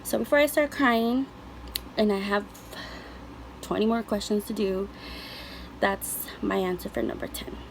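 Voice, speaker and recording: A woman's voice: medium pitch, measured pace, pauses often, a little hiss or hum, low-quality recording. A young woman vlogger answering viewer questions, telling a personal story in an earnest, emotional way with many ums and you-knows.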